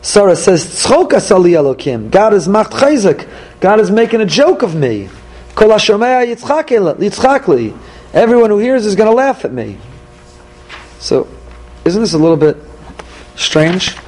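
A man teaching a Torah class, animated, asking questions and answering them himself. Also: sits high, moderate pace, breathy edge, poor audio.

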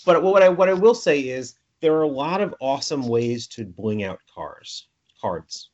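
He speaks on the high side, expressive and a little mellow, at normal speed, in a Brooklyn accent. The lo-fi conversational interview covers the game he designs, and he comes across as thoughtful and joking, repeatedly restarting his phrases.

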